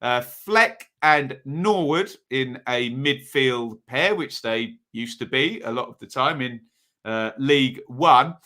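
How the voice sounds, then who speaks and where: A man's voice: mid-range voice, animated, slow pace, sharp tone. A man hosting a live football watch-along, chatting casually with frequent ums and uhs as he reads out team sheets. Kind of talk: casual live commentary to chat.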